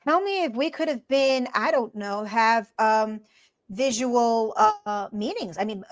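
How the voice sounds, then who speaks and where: A woman with a fairly high voice co-hosts a casual podcast chat. She talks bluntly and with emphasis, and she comes back to her points again and again. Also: lively intonation, a little slow. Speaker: podcast co-host.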